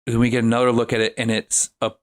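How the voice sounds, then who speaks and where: A man's voice: medium pitch, monotone, very fast. Casual man rambling through a recap. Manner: rambling, filler-heavy storytelling. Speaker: podcast guest recapping a film. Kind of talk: casual chat.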